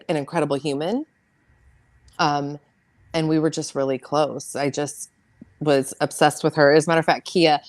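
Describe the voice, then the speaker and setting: A woman with a low, deep voice shares a painful family story. She is a guest on an interview show, and her speech is halting and full of restarts. The recording is dry and close, with no room sound. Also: a little mellow, no room sound. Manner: halting and emotional, with many fillers and restarts. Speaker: podcast guest.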